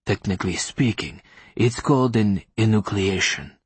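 Guy reading as a creepy calm killer doc, low husky near-whisper, slow and detached, audiobook. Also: no room sound, heavily acted. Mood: coldly calm. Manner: quiet, slow, detached menace. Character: cold, calm male killer posing as doctor.

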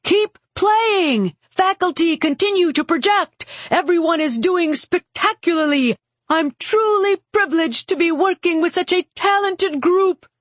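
Woman doing a high, booming cheerful mage commander. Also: animated, slow, few pauses, dry recording. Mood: exuberant. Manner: shouting cheerful orders. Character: upbeat male battle mage commander.

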